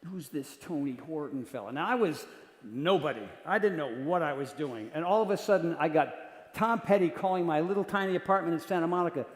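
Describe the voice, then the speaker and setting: A man speaking in a voice on the higher side, animated and jokey, acting out the people in his stories. It rings through a large conference hall with a long, roomy echo. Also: fairly quick. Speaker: keynote speaker. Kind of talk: storytelling talk to an audience. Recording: echoey hall with long reverb.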